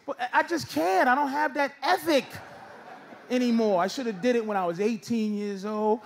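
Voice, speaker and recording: A man doing a loud, animated stand-up set, jumping into shouted put-on voices. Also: extremely high pitch, normal speed, gravelly. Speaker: stand-up comedian. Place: comedy club stage before a laughing crowd. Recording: live club recording, loud crowd and noise. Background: audience laughter.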